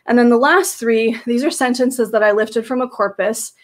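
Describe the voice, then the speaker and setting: A woman's voice: on the high side, moderate pace. Woman walking teachers through slides. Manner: explanatory, with frequent fillers and restarts. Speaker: teacher trainer presenting a webinar.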